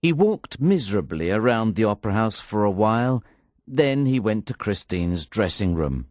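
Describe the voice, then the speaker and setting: A man reading a story aloud in an expressive, measured narration. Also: lowish voice, no room sound, clean studio sound. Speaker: audiobook narrator. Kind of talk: scripted narration.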